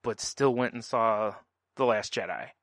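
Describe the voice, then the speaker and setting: A man's voice: on the low side, measured pace, fairly bright tone, no echo, studio quality. A man co-hosting a casual podcast, telling stories in a laid-back way and laughing often. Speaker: podcast co-host. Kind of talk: casual chat.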